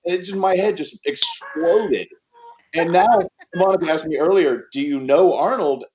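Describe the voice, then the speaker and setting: A man in his fifties, a comedian and event host, telling an animated anecdote as a guest on a chat show. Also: fairly high pitch, unhurried, a little hiss or hum. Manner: animated storyteller. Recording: slightly muffled online call audio.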